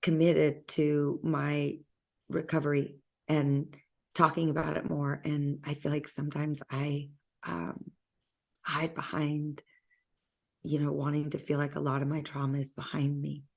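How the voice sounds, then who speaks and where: Woman, interview host, low voice, vocal fry, halting, reflective. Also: completely flat delivery.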